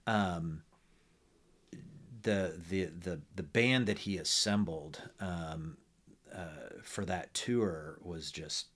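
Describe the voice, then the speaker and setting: A man hosting a podcast, talking casually and relaxed, often adding short affirmations. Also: sits low, very slow. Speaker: podcast host. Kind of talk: casual conversation.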